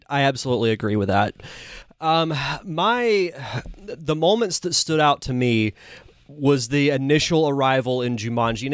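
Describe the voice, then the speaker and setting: A man's voice: medium pitch, clear, resonant tone, dry recording, studio quality. Enthusiastic man hosting a podcast. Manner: enthusiastic, laughs while retelling scenes. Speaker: podcast host. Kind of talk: casual podcast chat.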